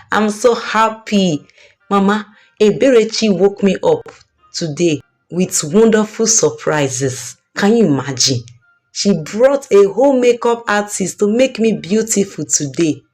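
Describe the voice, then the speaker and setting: A woman's voice: mid-range voice, slow, soft background music, natural voice. A woman voicing a cheerful, trusting young woman who adores her best friend. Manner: bright, gushing and trusting.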